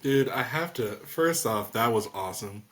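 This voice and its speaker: A man's voice: medium pitch, animated, normal speed. A man co-hosting a casual fantasy football podcast, rambling and hesitant, laughing easily. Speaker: podcast co-host.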